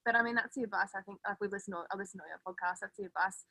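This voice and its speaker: A young woman talks as a podcast guest, with a gravelly, husky voice. She chats eagerly and chimes in fast agreement. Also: medium pitch, bright, forceful tone, no echo. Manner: eager, chatty, quick agreement. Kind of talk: casual chat.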